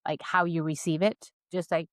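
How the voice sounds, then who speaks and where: A middle-aged woman co-hosting a podcast, speaking in a slow, measured, reflective way and leading a spoken closing prayer. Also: lowish voice, level tone, no echo, clean studio sound. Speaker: podcast co-host.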